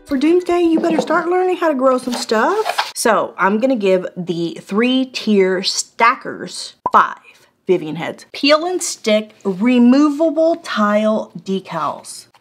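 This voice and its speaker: Bubbly, excitable woman reviewing products. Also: fairly high pitch, slow, hardly any pauses, a little hiss or hum. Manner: bubbly, excitable, chatty with laughs and gasps. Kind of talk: casual product review vlog.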